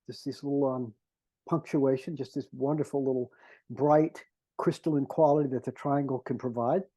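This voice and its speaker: A composer earnestly explains his scores to conductors, humming melodies to make his points like a devoted teacher. His voice is a little high with a dark tone, and the recording's highs are cut off.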